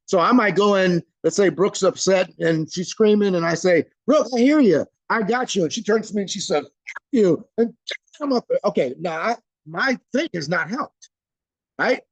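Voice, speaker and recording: An American man leading a live training webinar, talking in a conversational, energetic way and acting out little scenes. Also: sits high, moderate pace, husky, no room sound.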